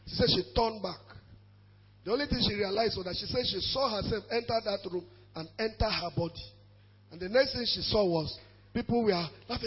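A man preaching a sermon as pastor, emphatic, with shouted calls for the congregation to repeat after him. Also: high-pitched, a little fast, husky, dull audio.

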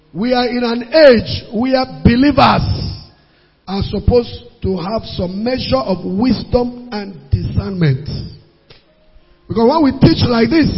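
High-voiced preacher, husky. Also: male voice. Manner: emphatic, repeats words for stress, sometimes loud and rising. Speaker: pastor. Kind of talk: sermon. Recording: muffled sound with long hall reverb, faint music.

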